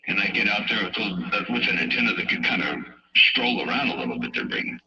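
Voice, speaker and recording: A man's voice: deep voice, big pitch swings, a little fast, highs cut off, music in the background. A man from California, a CB radio operator chatting casually on air with a rambling, drawling manner full of radio slang. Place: home radio station. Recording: staticky distant CB radio sound.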